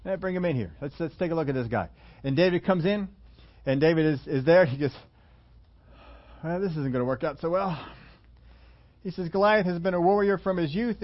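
A man preaching a sermon, telling a scripture story with animated, acted-out voices for its characters. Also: high voice, normal speed, long pauses. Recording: muffled lo-fi sermon recording.

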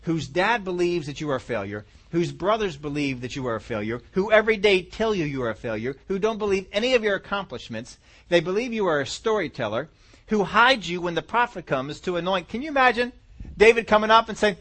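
Animated man teaching a Bible lesson. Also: high voice, fairly quick. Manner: lively, acts out characters, drops to soft asides.

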